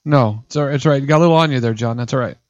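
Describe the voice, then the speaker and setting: A man's voice: mid-range voice, rapid-fire, no echo, dull audio. A man hosting a podcast, trading laughing, teasing banter with a guest in the studio. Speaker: podcast host. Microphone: studio microphone.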